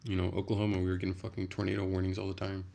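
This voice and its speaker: Low gravelly dude rambling on a livestream, swears a lot, keeps restarting sentences. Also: male voice, completely flat delivery, very fast, dark tone, a little hiss or hum. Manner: rambling, profane, frequent restarts. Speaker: livestreamer chatting with viewers. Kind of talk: casual livestream chat.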